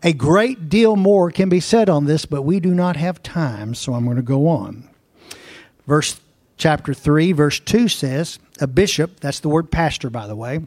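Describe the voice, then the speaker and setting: A man pastor preaching a sermon, telling folksy stories and slowing down to read scripture verse by verse. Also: a little high, lively intonation, a little mellow, no room sound, clean studio sound.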